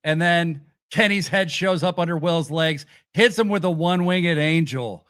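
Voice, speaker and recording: A man hosting a casual wrestling review chat, animated and swearing casually as he retells events. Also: a little high, normal speed, no room sound, studio quality. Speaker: podcast host.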